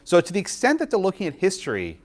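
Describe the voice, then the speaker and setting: A man lecturing a law class, quizzing students and tagging points with quick questions. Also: high-pitched. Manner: lively, quizzes students, frequent tag questions. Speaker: law professor.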